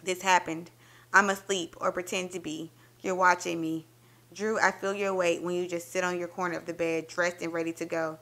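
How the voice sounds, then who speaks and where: Woman, lowish voice, dramatic story reading, intimate first-person telling, expressive. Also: normal speed. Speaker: book reviewer reading a story aloud.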